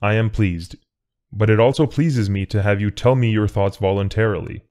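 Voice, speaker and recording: A man voicing a calm all-knowing godlike voice. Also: on the low side, lightly acted. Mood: calm, tolerant. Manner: measured, tolerant, coolly matter-of-fact. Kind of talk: audiobook reading.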